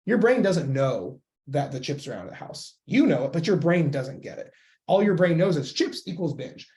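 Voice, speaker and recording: A man coaching on weight loss in a casual, blunt and profane way, with lively acted-out inner voices. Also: on the high side, moderate pace.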